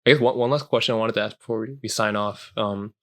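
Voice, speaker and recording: A man's voice: on the low side, fairly even intonation, fast talker. A man co-hosting a casual podcast who teases his guests and laughs easily. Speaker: podcast host. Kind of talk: casual chat.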